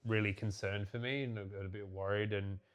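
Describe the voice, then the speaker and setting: Deep-voiced male co-host, soft-spoken and halting, restarts sentences. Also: fairly even intonation, smooth. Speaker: podcast co-host. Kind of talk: casual couples chat.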